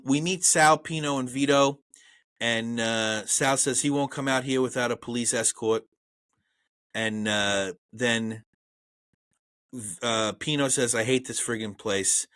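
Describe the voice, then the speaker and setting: A man of middle pitch rambles casually as a podcast co-host, full of fillers and quick self-corrections. His voice sits close and dry, with no room sound around it. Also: fairly bright tone, no echo. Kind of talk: casual movie review chat.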